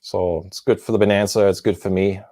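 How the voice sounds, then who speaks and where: A man on a video call as a guest, answering questions in a calm, measured way. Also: low voice, dry recording, studio quality. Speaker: guest pilot. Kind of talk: casual interview chat.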